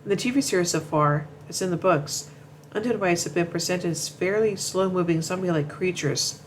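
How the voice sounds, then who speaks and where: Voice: medium pitch, normal speed, a little hiss or hum, low-quality recording. A commentator reading a narration from notes, often stumbling, repeating words and restarting sentences. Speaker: show commentator.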